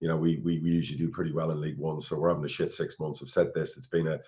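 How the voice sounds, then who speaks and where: A deep-voiced Irish man in middle age, co-hosting a football podcast. He talks bluntly and candidly, swears freely and stumbles over repeated words when worked up. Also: flat delivery, racing, mellow. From Ireland. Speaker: football club chairman, podcast co-host.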